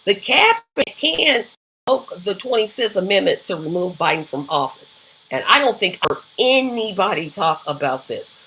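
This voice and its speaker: A woman's voice: mid-range voice, big pitch swings, normal speed, a bit bright, a little hiss or hum, rough recording. A woman hosting a live show, giving casual, opinionated political commentary with frequent ums and rhetorical asides.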